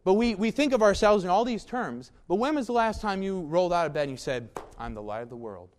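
A man's voice: high-pitched, lively intonation, fast, a little mellow, slight background noise. A man preaching a sermon in a folksy, emphatic way, with asides to the congregation.

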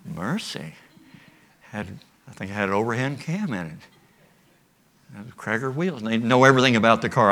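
A man preaching a sermon, telling the story with lively energy and bits of acted dialogue. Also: fairly low pitch. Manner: animated storytelling with acted voices. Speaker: pastor.

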